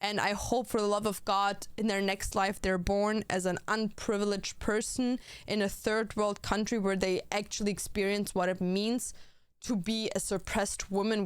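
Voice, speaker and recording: A young adult woman streamer talks casually to her chat, blunt and heated, swearing often. Her voice is smooth and clear, at a medium pitch for a woman. The sound is dry and close, with no room around it. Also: no echo.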